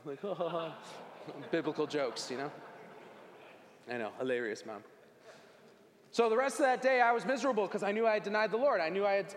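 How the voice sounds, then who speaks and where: A man shares his personal testimony at a worship service, telling it in a chatty, animated way. His voice sits a little high for a man. A long reverb trails behind each phrase, as in a large hall. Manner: animated, conversational storytelling.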